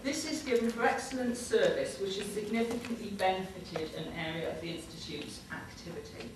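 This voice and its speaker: A woman's voice: mid-range voice, fairly quick. Woman announcing in an echoey hall. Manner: informal, loosely structured announcing. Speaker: convention host presenting awards. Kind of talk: live announcements from a stage. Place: large conference hall. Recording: echoey hall from far off, noisy.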